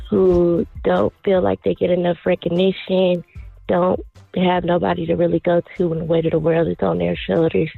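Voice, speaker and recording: A woman calling in to a radio show with a raspy voice, talking eagerly and persuasively. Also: fairly low pitch, dry recording. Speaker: caller. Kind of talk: call-in chat. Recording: tinny phone line.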